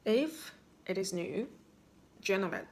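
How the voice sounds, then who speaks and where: Calm woman coaching reflection questions. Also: mid-range voice, slow. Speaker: spiritual healing coach. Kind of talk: guided self-reflection talk.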